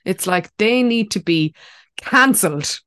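A woman's voice: medium pitch, animated, a little slow, a bit bright. Ranty, swearing woman podcaster. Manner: ranty, emphatic, swears constantly. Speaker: podcast co-host. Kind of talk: casual chat.

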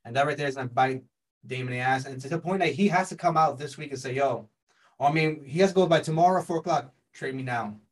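A man's voice: fairly high pitch, quick pace, distant mic, poor audio. Emphatic man a bit off-mic. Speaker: sports talk co-host. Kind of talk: casual sports debate.

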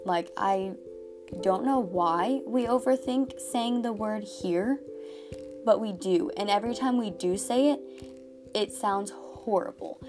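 A woman's voice: medium pitch, slow, music in the background. A teenage girl hosting a podcast, talking in a chatty, exaggerated comedic monologue full of "like". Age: teens. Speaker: podcast host.

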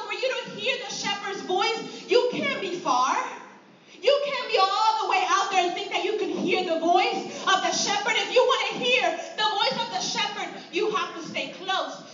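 A woman preaching a sermon in a church, impassioned, swinging from near-shouts to low, quiet lines. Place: church sanctuary. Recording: echoey hall from far off, dull.

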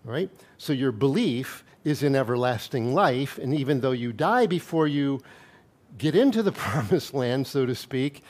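Male pastor, mid-pitched, conversational sermon delivery with scripture readings and asides. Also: lively intonation, moderate pace, darkish tone. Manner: conversational preaching, reads scripture aloud with asides and chuckles.

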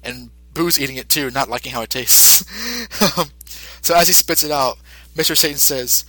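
A man's voice: fairly high pitch, animated, normal speed, bright, forceful tone, no echo, low-quality recording. A male podcast host casually recapping an episode, rambling with lots of fillers.

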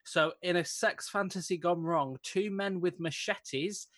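A man's voice: high voice, a little slow, fairly bright tone. A man co-hosting a comedy podcast, reading a news story aloud and often breaking into giggles. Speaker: podcast co-host.

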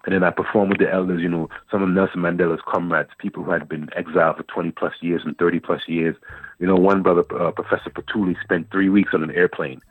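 A guest poet from Antigua, a man in his fifties, tells a long story in a radio interview, repeating words and phrases as he goes. His deep, slightly rough voice moves fast with little pitch movement and no room sound, carried over a dry, phone-like radio line.

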